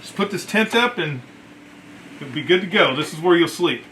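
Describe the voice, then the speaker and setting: A man's voice: a little high, animated, normal speed, pushed and bright, slight background noise, poor audio. A man quoting a brusque Army colonel. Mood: commanding. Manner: blunt, barking orders. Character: brusque male Army colonel, middle-aged, commanding.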